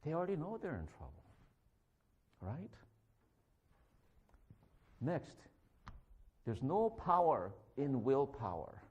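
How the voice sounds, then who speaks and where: Animated man preaching in a church. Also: mid-range voice, slow, pauses often, slightly rough, highs cut off. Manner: animated, jokey, acts out confrontations. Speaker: guest preacher, physician. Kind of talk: conversational sermon.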